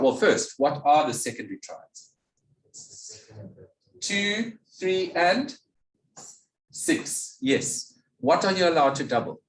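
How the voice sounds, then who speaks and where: A man's voice: on the high side, a little hiss or hum. A man giving a music theory lecture, patiently asking questions and answering them himself. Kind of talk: classroom lecture. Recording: echoey room, mic at a distance.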